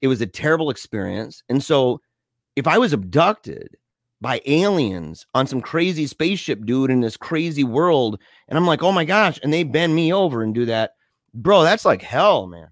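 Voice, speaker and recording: A man chatting casually on a podcast, telling a story in an animated, slangy way, often laughing and calling his friend dude. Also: mid-range voice, moderate pace, dry recording, studio quality.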